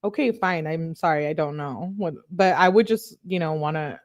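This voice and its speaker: A woman with a low voice hosts a true crime channel, offering casual, sarcastic commentary at a normal speed while reading text messages aloud. She's chatty and laughs often, delivering quotes in a flat voice, recorded dry on a close mic.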